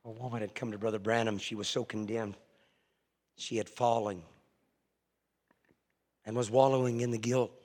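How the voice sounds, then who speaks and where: A man preaching a sermon fervently, swinging from hushed confession to ringing shouts. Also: on the low side, fairly even intonation, moderate pace, long pauses.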